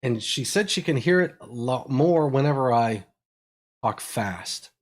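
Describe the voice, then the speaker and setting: Male host, Pittsburgh accent, live tech Q&A; rushes in energetic bursts, lots of ums, drifts off-mic now and then. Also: mid-range voice. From Pittsburgh, USA. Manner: energetic, fast bursts with fillers. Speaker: electrical engineering educator. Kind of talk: live technical Q&A talk.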